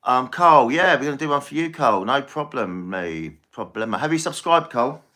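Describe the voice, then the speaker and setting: Bright-voiced man reading tarot. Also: mid-range voice, animated, moderate pace. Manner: chatty, reassuring, repeats himself. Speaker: tarot reader. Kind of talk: live-stream tarot reading.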